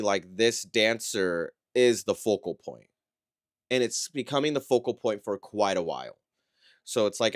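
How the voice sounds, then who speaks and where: A man giving a casual, conversational livestream breakdown of dance routines, critical but encouraging and often checking in with a quick "right?". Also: on the low side, clear, resonant tone, no echo, clean studio sound. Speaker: dance competition analyst.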